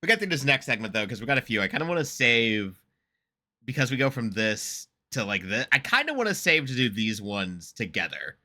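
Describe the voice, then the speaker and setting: A man's voice: mid-range voice, very animated, fairly quick, sharp tone. An American man giving casual, rambling reaction commentary, laughing often and poking fun at himself. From United States. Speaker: reaction streamer.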